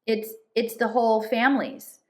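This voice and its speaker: A woman's voice: a little high, flat delivery, normal speed, a little mellow, pitched above the performer's own voice, close to an everyday voice. A woman reading aloud as a timid young boy, hesitant and nervous. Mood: anxious.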